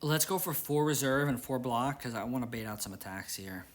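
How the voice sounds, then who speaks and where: A man's voice: mid-range voice, lively intonation, brisk. Young male gaming host, casual rambling commentary, easily irritated, repeats himself. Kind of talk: casual gameplay commentary with venting.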